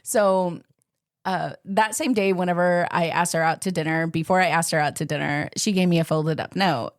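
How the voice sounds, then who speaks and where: A young woman co-hosting a casual chat, telling a lively, self-deprecating story and acting out her own lines. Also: fairly low pitch, normal speed, no echo, studio quality. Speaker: podcast co-host.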